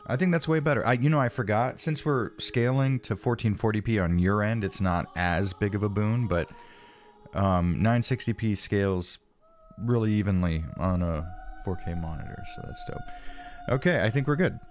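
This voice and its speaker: Low-voiced man chatting on a stream. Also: big pitch swings, moderate pace. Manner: rambling, self-deprecating, reads chat aloud. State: sniffly from allergies. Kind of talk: casual live-stream chat.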